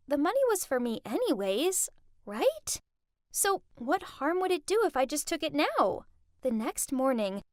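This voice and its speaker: A woman narrating a first-person animated story in a lively, dramatic way. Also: a little high, no room sound, clean studio sound.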